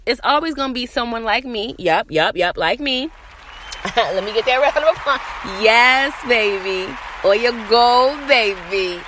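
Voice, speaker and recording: Woman podcast host, blunt and profane, forceful voice set a bit high, dry close sound, repeats pointed questions. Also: dry recording. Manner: repetitive rhetorical questions. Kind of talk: solo podcast monologue. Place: outdoors in morning sun.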